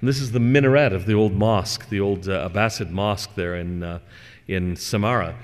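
A man giving a religious lecture, reading scripture and telling stories in a relaxed, digressive way with fillers. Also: lowish voice, a little fast. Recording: long hall reverb.

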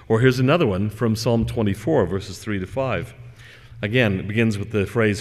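A man giving a relaxed, conversational lecture, slowing down to read scripture verses aloud. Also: lowish voice. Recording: long hall reverb.

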